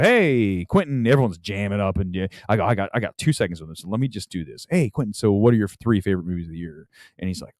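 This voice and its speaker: A man's voice: on the low side, dry recording, studio quality. A man hosting a livestream, telling a rambling story in casual chat with lots of restarts. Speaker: show host. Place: Los Angeles.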